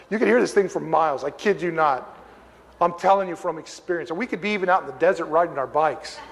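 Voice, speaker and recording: High-voiced older pastor in a reverberant hall. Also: male voice. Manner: animated, humorous, emphatic. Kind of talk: storytelling sermon. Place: church sanctuary. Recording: long reverb of a church hall.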